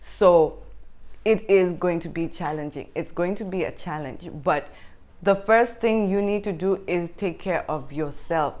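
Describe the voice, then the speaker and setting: A woman's voice: lowish voice, a little slow, a little mellow. Earnest woman sharing motherhood advice. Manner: candid, earnest, direct to viewers. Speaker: mother vlogger. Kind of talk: heartfelt advice vlog.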